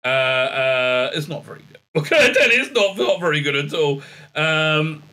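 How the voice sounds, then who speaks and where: A man ranting through a show recap, sarcastic and exasperated, stumbling over filler sounds. His voice sits a bit high and sounds intensely bright and sharp. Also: animated, normal speed. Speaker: show reviewer.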